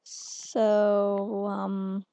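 A woman's voice: medium pitch, completely flat delivery, drawn-out words, vocal fry, dark tone, no echo. A young woman giving casual gameplay commentary as a channel host, rambling, swearing freely and joking at her own expense. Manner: profane, rambling, self-mocking. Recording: muffled lo-fi home recording.

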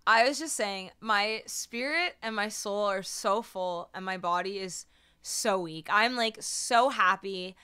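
A woman's voice: medium pitch, sharp tone, smooth. A woman musician livestreaming, chatting casually and bubbly with her viewers, a little tired and her voice not at full strength. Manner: bubbly, laughing, talking to chat.

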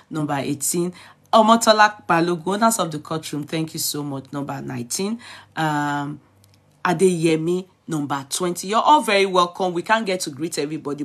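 A woman with a Nigerian accent hosting a live stream. She greets viewers by name, chats freely and laughs often as she goes over the news. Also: deep voice. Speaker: vlog host.

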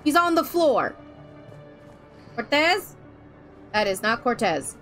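High-voiced, chatty woman gaming streamer. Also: lively intonation, slow pace, pauses often, soft background music. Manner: chatty, swearing, jokey. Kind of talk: let's play commentary.

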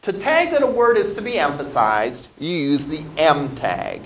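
A man's voice: fairly high pitch, huge pitch swings, measured pace, fairly bright tone, slight background noise, low-quality recording. A male college instructor giving a classroom lecture, explaining step by step and often checking in with "all right?". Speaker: college web development instructor.

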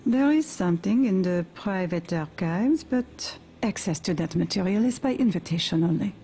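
A woman's voice: medium pitch, lively intonation, normal speed, warm tone, close to an everyday voice. An actress playing a polite, formal female librarian in a game. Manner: formal and courteous.

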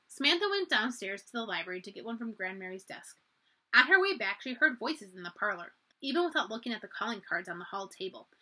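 Lady reading a kids book at the library, lively voice. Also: on the high side. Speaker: library storyteller. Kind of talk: reading a children's book aloud.

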